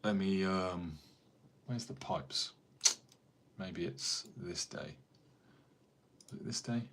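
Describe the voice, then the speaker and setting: An English man with a somewhat low voice chats casually on a live stream. He rambles from one thing to the next and answers viewers by name as he works as a carpenter. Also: slow pace, vocal fry, a bit bright, slight background noise. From England. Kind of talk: casual livestream chat.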